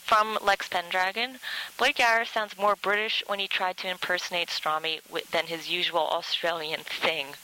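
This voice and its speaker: A woman's voice: on the low side, fairly even intonation, normal speed, bright, forceful tone, rough recording. A woman co-hosting a podcast, reading listener questions aloud and reacting in casual chat. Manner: chatty, reads questions aloud then reacts.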